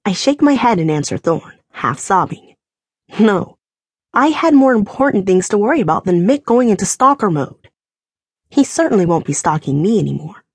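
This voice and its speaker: Woman reading a romance audiobook, breathy, dry close sound. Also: fairly low pitch, no echo. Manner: emotional, animated reading. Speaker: audiobook narrator. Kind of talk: first-person romance narration.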